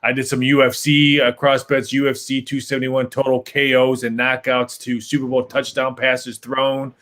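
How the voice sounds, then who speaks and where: A man co-hosting a sports podcast, talking through betting lines in a halting way, with lots of fillers. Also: medium pitch, little pitch movement, a bit bright. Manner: halting, many fillers and restarts. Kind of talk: casual podcast chat.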